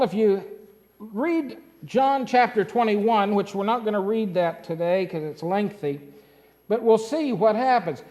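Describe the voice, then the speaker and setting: Brief: male pastor, unhurried storytelling sermon, asks the congregation questions. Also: high voice, a little mellow. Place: church sanctuary. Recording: long church-hall reverb.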